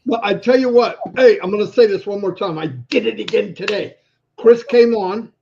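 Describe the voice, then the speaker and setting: High-voiced joking man on dull call audio. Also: moderate pace, creaky, slight background noise. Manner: joking, animated storyteller. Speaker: co-host of a live stream. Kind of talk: casual chat.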